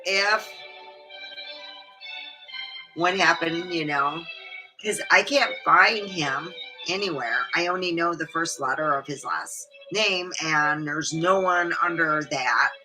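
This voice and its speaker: Middle-aged woman host for a loose, meandering livestream chat; low-pitched, bright tone. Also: slow pace, poor audio. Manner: meandering, chatty, frequent fillers. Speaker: vlogger. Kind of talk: rambling casual livestream chat. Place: home studio. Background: faint background music.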